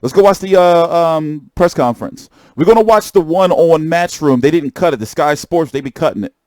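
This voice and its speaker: A young man talking casually on a live stream, swearing and repeating phrases as he gets worked up. His voice sits high and leaps around a lot. The sound is close and dry, with no room echo. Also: moderate pace. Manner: excitable, profane, repeats phrases. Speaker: boxing commentator streamer.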